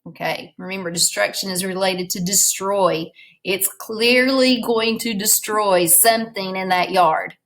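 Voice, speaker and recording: A woman's voice: mid-range voice, measured pace, fairly bright tone, low-quality recording. A woman teacher reading a storybook aloud in a recorded class lesson, patiently explaining words and prompting her students.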